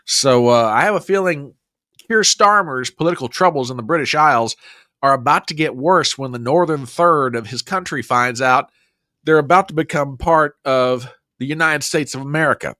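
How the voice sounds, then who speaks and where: Lively joking male news-show host. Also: fairly high pitch, normal speed, dry recording, studio quality. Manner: joking, rambling, sarcastic asides. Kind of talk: casual news commentary show.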